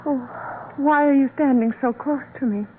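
An actress playing a timid, nervous wife in an old-time radio drama, hesitant and pleading. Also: female voice, sits high, moderate pace, lightly acted. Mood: frightened. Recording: tinny lo-fi old radio broadcast with hiss.

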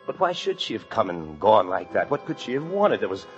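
A man's voice: on the low side, big pitch swings, brisk. An actor playing a frightened fugitive hiding in an attic, narrating his story in tense, breathless 1940s radio drama style. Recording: muffled old radio recording with music.

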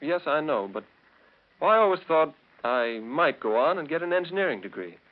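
A young actor playing an earnest young college graduate and fiancé in a 1940s radio drama, speaking mildly and hesitantly. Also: male voice, fairly high pitch, big pitch swings, normal speed. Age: young adult. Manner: mild, hesitant. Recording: dull old radio recording.

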